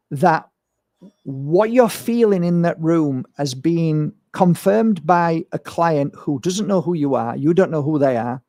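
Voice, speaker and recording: A man's voice: a little high, darkish tone, no room sound, clean studio sound. A man, a spiritual medium, talking bluntly and emphatically in a rambling monologue to camera. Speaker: spiritual medium and crystal seller.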